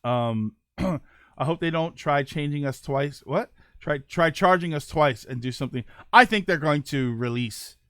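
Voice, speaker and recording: A man's voice: fairly high pitch, unhurried, fairly bright tone, no echo, studio quality. A young man hosting a casual gaming talk show, rambling with lots of fillers and restarts. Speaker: podcast host.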